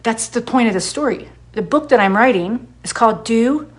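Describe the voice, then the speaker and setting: A woman's voice: fairly high pitch, lively intonation, moderate pace. A middle-aged woman who works as a hairdresser, giving a blunt, heavily profane monologue and stressing points by repeating them. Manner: blunt and heavily profane, quoting herself in dialogue; emphatic, repeats herself for stress. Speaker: hairdresser and wellness advocate. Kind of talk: impassioned personal monologue to camera.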